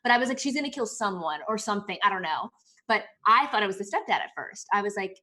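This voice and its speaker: A woman's voice: medium pitch, expressive, fast, sharp tone. Chatty woman recapping an episode. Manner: chatty, quotes her own reactions. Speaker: podcast co-host. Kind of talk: casual recap chat.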